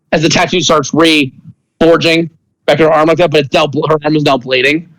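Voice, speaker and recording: A man narrating as game master of a tabletop game, talking in a rambling, halting way with many restarts and fillers. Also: fairly high pitch, fairly even intonation, fairly bright tone, no room sound, rough recording.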